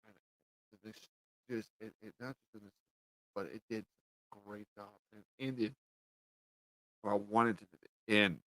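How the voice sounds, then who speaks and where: A man's voice: lowish voice, fairly even intonation, a little slow, pauses often, a bit bright, dry recording, low-quality recording. A man ranting sarcastically and profanely in a casual review, a little tipsy. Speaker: TV show reviewer.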